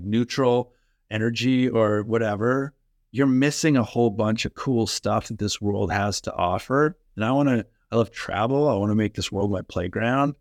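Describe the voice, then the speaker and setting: A man's voice: fairly low pitch, no room sound, studio quality. A man in his forties, a former hockey player and coach, telling personal stories with enthusiasm and frequent "like"s. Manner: enthusiastic, animated, says "like" often. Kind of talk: energetic storytelling in conversation.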